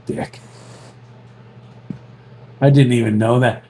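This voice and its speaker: Animated, profane man trading banter. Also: medium pitch, slow, slight background noise. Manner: profane, laughing, animated storytelling. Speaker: podcast co-host. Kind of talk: casual banter.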